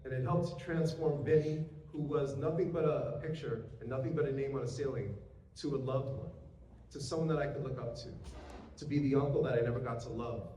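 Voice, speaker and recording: A man's voice: medium pitch, brisk, mellow, slight background noise. Man giving an earnest speech in an echoey hall. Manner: earnest storytelling, quoting others, hesitant fillers. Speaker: keynote speaker. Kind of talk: ceremonial speech with storytelling. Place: courthouse event room. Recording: echoey room from a distance with faint ambience.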